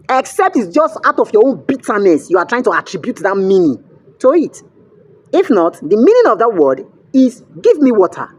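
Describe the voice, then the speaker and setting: A young male vlogger with a Nigerian accent chats his way through a story to camera, using pidgin and frequently checking with the viewer, "you get?" His voice is very high-pitched yet husky, with a darkish tone.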